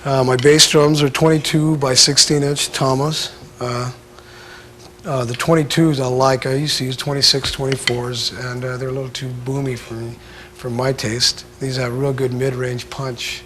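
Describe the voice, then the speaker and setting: Man, drum teacher, relaxed and halting, mid-pitched voice, faint hiss behind. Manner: laid-back, halting, many filler sounds. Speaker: drum instructor. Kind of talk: casual instructional talk.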